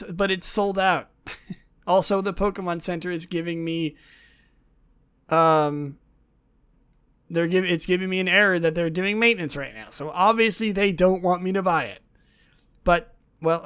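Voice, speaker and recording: A woman hosting a solo podcast, chatting in a gushing, excitable way that often drops into soft whispers. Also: lowish voice, clean tone. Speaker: podcast host.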